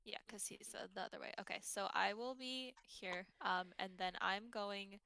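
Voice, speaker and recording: A woman's voice: mid-range voice, moderate pace, vocal fry, sharp tone, slight background noise. A woman playing a tabletop game, thinking aloud hesitantly with many fillers. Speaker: player.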